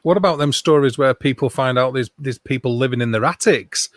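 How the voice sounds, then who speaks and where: A man's voice: medium pitch, a little fast, dry recording. A man hosting a casual livestream chat and reading out viewer comments. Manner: relaxed, reads out viewer comments. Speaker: host.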